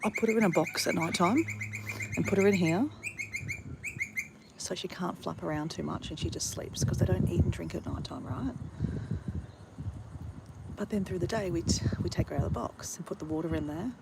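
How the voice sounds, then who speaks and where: Woman vlogger, low gravelly voice, whispering outdoors; casual chat. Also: moderate pace, pauses often, heavy background noise. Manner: hushed whispering. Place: outdoors in a front yard.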